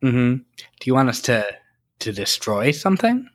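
A man's voice: medium pitch, big pitch swings, normal speed. A young man co-hosting a casual podcast, joking dryly with lots of fillers. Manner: dry, joking delivery with many fillers. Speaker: podcast co-host. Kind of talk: casual chat.

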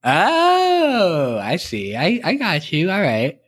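A man's voice: fairly high pitch, sing-song, unhurried, a bit bright, breathy edge. A young man co-hosting a casual podcast, joking dryly with lots of fillers. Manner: dry, joking delivery with many fillers. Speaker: podcast co-host. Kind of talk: casual chat.

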